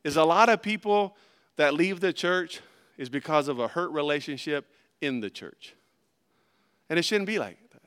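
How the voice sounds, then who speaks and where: A man preaching a sermon, folksy and animated, swinging between loud emphasis and hushed asides. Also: fairly high pitch. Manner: animated, folksy, acts out little voices. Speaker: pastor.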